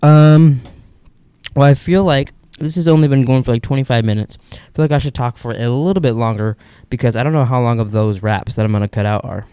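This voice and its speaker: A man's voice: medium pitch, a little fast, warm tone, clean tone, no echo. A young man hosting a podcast, telling stories in a casual, rambling, candid way from an upstairs room at home. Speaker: podcast host. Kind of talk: casual solo monologue.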